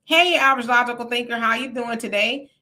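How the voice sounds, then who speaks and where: A woman hosts a casual livestream, reading viewer comments aloud and reacting to them while addressing her audience directly. Her voice is on the high side, brisk and bright, with a forceful tone.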